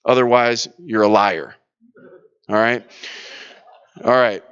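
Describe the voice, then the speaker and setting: A man's voice: medium pitch, steady tone, slow, a bit bright, clean tone, dull audio. A man leading a church leadership workshop, talking in a casual, storytelling way with lots of restarts and fillers. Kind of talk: conversational teaching session.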